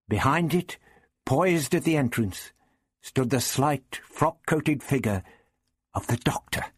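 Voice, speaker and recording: A man narrating an audiobook in a measured storytelling manner. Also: medium pitch, breathy edge, no room sound, studio quality. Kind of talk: scripted narration.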